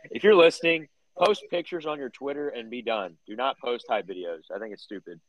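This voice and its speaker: A man co-hosting a casual sports podcast outdoors, opinionated and prone to quick little rants. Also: medium pitch, no echo, lo-fi sound. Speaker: podcast co-host. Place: backyard, outdoors.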